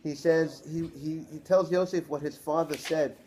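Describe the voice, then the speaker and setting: Rabbi guy giving a torah class, pretty high voice, lively, keeps asking the room questions. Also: moderate pace, slight background noise. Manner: animated, poses rhetorical questions to listeners.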